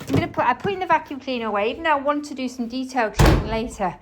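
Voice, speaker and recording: A chatty woman from England talks to her viewers while she vacuums and mops her farmhouse kitchen, her voice pitched a little high. She sounds a touch breathless and hoarse from the work, and she trails off and restarts as she goes. Clear household noise runs behind her. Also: animated, rapid-fire. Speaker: cleaning vlogger. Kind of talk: casual chat while cleaning. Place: farmhouse kitchen and utility room, indoors.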